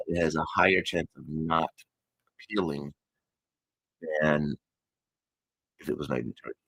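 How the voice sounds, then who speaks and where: Texan male host, deep fry-heavy voice, casual rambling chat, dry close sound. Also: fairly bright tone, no room sound, rough recording. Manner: rambling, self-correcting, chatty. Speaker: crochet channel host.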